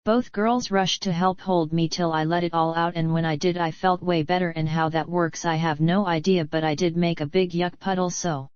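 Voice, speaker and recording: Woman author reading her own book: low, smooth voice, blunt and profane, dry lo-fi home recording. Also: steady tone, normal speed, hardly any pauses, darkish tone, no room sound. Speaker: audiobook reader and author. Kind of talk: first-person audiobook narration. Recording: slightly dull lo-fi recording.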